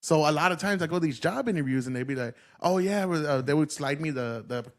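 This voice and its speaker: A man's voice: a little high, lively intonation, fast. A man telling stories as a podcast guest in casual chat, profane and often laughing. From United States.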